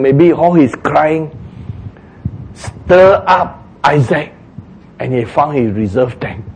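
A man preaching a sermon, retelling a scripture story with lively asides and frequent chuckles. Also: on the high side, creaky.

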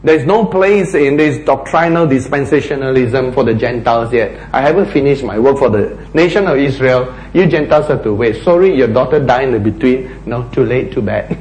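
A man preaching a sermon, emphatic and animated, often acting out quoted lines. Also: mid-range voice, normal speed. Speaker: pastor. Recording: echoey hall.

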